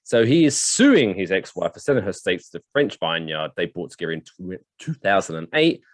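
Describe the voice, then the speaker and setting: A man's voice: low-pitched, big pitch swings, a little fast, no room sound. A man co-hosting a podcast, chatting in jokey, rambling banter and reading out news bits. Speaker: podcast co-host. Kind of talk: casual comedic banter.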